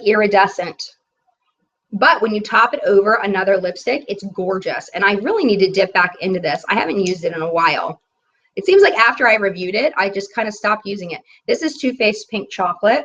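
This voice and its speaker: A woman's voice: medium pitch, fairly bright tone, muffled recording. A woman in her thirties hosting a casual beauty live chat, chatty and bubbly, reading viewer comments aloud.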